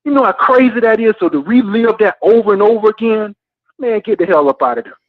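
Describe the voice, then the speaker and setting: A man's voice: high voice, expressive, quick pace, no echo. A man calling in to a talk show, ranting with frustration and passion and repeating "man" again and again. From Florida A&M alumnus. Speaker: caller. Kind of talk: heated call-in rant. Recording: tinny phone line.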